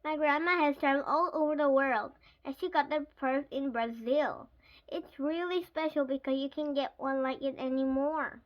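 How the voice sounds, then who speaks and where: A woman doing a shrill indignant little girl. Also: normal speed, lo-fi sound, natural voice. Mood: prim. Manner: snappy, shrill outbursts.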